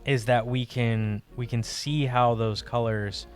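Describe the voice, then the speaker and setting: A man's voice: mid-range voice, a little slow. A man chatting casually as he streams his drawing, rambling with lots of fillers and easy laughs. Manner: relaxed and rambling, many fillers, laughs often. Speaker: live art streamer. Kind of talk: casual chat while drawing. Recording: faint music behind the voice.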